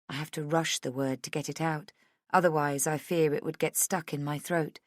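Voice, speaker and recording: Low-voiced woman reading a thriller audiobook. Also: steady tone, dry recording, clean studio sound. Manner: measured, intimate first-person reading. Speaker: audiobook narrator. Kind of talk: scripted first-person audiobook narration.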